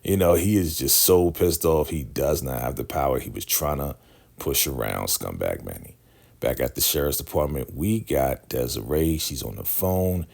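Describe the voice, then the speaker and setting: A man with an extremely low, gravelly voice recaps a TV drama in casual slang. His delivery swings lively up and down as he acts out each scene, and his tone stays husky throughout. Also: normal speed. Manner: animated, slangy, acts out the lines. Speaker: TV recap creator.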